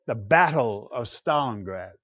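A man preaching a sermon slowly and deliberately, reading scripture and telling history with dramatic pauses. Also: medium pitch, lively intonation, fairly bright tone, no echo, dull audio. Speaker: pastor.

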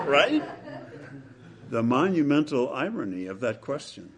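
A man preaching a sermon with dramatic, emphatic delivery, swinging between loud and hushed lines. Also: mid-range voice, very animated, unhurried, slightly rough.

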